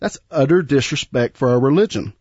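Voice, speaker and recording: A man's voice: medium pitch, lively intonation, brisk, a little mellow, breathy edge, dull audio. A man voicing a stern elderly pastor in a told joke, in a raised voice.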